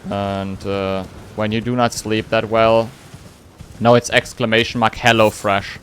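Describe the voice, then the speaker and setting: A man's voice: on the low side, flat delivery, unhurried, a bit bright, a little hiss or hum. A man streaming a game, chatting casually with his viewers, reading chat and humming between lines. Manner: playful, reads chat aloud, hums and sings nonsense. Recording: faint music behind.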